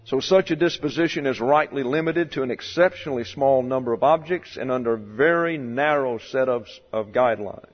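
A male pastor delivers a sermon in a slow, deliberate teaching manner, leaning on key words. His mid-pitched voice rings out with a long reverb, as if filling a large sanctuary. The recording has a muffled, lo-fi quality. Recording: dull lo-fi sound in a long-reverb hall.

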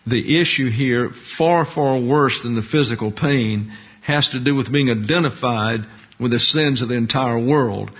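A man teaching a Bible study lecture, explaining doctrine slowly and carefully and walking through Greek terms and a diagram. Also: mid-range voice, slightly rough. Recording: muffled lo-fi recording.

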